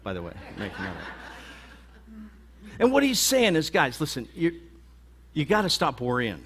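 A man's voice: medium pitch, a bit bright. A man pastor preaching a sermon in a conversational, emphatic and folksy way.

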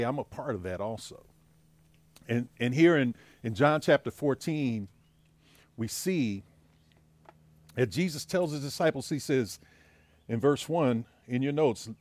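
Animated preaching man, dry sound. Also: medium pitch, dry recording. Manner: storytelling, conversational preaching with a joke. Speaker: pastor. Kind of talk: sermon. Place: church.

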